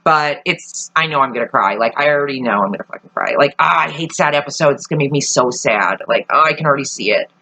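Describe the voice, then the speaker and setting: A woman's voice: very deep voice, animated, quick pace, few pauses, sharp tone, poor audio. A woman vlogging casually, chatty and loose, swearing often and trailing off mid-thought. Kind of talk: casual chat.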